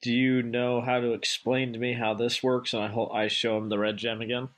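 A man playing a tabletop game, casual and quick to swear. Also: mid-range voice, little pitch movement. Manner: casual, swears, laughs often. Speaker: player.

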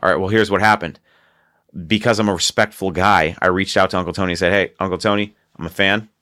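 A man's voice: low-pitched, steady tone, quick pace, pushed and bright, no echo, clean studio sound. A man hosting a casual podcast, telling a long story in a rambling way and laughing often. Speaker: podcast host.

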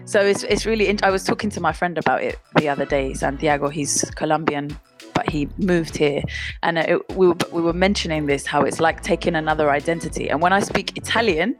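A woman's voice: low-pitched, brisk, faint music behind. A woman musician being interviewed, talking chattily, often cutting herself off and laughing. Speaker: musician guest. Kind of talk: casual interview chat. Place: London, remote call.

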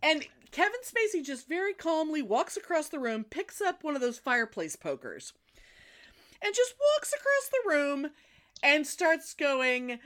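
Animated woman with a lively voice. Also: high-pitched, unhurried. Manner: animated, rambling, with frequent restarts. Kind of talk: casual chat retelling a film.

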